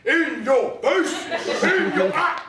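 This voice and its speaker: A man playing a smug office coworker who taunts quickly, recorded from a distance in a theater. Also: sits high, heavy background noise. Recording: roomy theater, distant mic, audience laughter.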